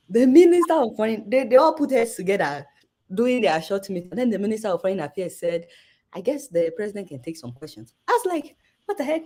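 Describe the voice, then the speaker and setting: A Nigerian woman journalist in her thirties, an interview guest telling a story with lively energy and acting out the voices in it. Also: mid-range voice.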